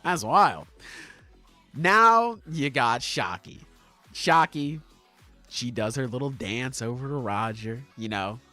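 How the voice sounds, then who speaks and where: A man co-hosting a podcast, recapping a manga chapter in casual chat, swearing freely and acting out the characters in quick voices. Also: mid-range voice, animated, pushed and bright, faint music behind. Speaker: podcast co-host.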